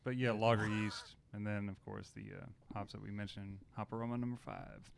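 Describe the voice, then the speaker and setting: A man's voice: fairly low pitch, flat delivery, fairly quick, gravelly, slight background noise. A man co-hosting a casual podcast from a brewing shop, chuckling and explaining at length. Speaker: podcast co-host. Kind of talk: casual chat. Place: brewing supply shop studio.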